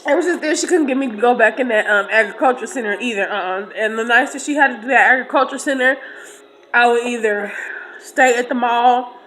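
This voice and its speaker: Woman, 30s, AAVE speaker, bright high voice, lively casual storyteller. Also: fairly quick, poor audio. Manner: animated, laughing, slangy, talks to listeners directly. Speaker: storyteller host.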